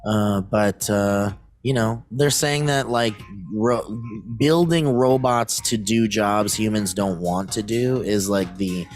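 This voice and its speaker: A man's voice: on the low side, dry recording, faint music behind. A man co-hosting a casual podcast, reading news aloud and commenting, with frequent fillers and restarts. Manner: halting, many fillers and restarts. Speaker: podcast co-host.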